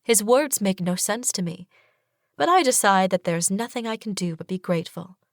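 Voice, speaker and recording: A woman narrating a fantasy novel in the first person, paced and even. Her voice sits at a middling pitch, close and dry on a studio mic. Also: moderate pace, no echo. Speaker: audiobook narrator.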